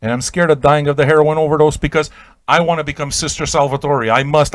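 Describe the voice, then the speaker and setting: A man hosting a radio show, telling an improvised absurd comic story in a rambling, stammering way with sudden shouted outbursts. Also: fairly high pitch, fairly even intonation, fast, no room sound, clean studio sound.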